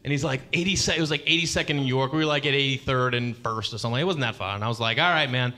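A man doing stand-up comedy, telling a story in an animated way and acting out the people in it. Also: rapid-fire. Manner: animated, acts out characters with big jumps in pitch.

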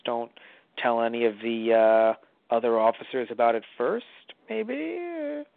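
A man's voice: mid-range voice, lively intonation, measured pace, creaky, no room sound, voice pushed down. A man voicing a smug, scheming young man who fakes friendliness with a sly, casual invitation. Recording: dry, phone-like line.

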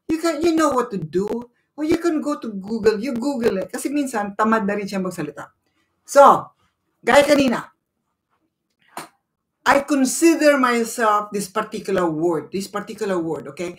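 A woman's voice: medium pitch, low-quality recording. A middle-aged woman from the Philippines hosting a livestream, chatting casually and mixing Tagalog with English as she thinks aloud. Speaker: livestream host.

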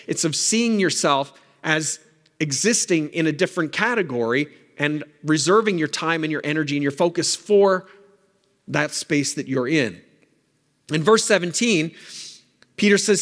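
A pastor delivers a sermon in an easy, conversational manner, tossing in quick asides to the congregation. His voice sits a bit high for a man. The sound carries a long reverb from a church hall. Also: a bit bright. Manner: conversational preaching, frequent "right?" asides. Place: church sanctuary.

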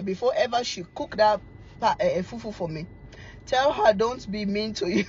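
A middle-aged woman, chatting casually to camera as a cooking vlogger, telling stories in a teasing, animated way and laughing often. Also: fairly high pitch, muffled recording, slight background noise.

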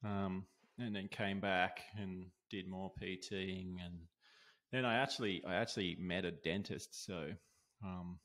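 A man telling stories in a relaxed, casual way as an interview guest. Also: deep voice, a little slow. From Australia. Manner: laid-back, lots of "dude" and "like", laughs while telling. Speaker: guest, osteopath. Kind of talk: casual storytelling.

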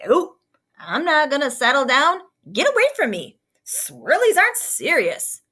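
A woman's voice: high voice, huge pitch swings, unhurried, exaggerated voice. A woman doing a defiant teen boy bully. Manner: rude, shouting, dismissive.

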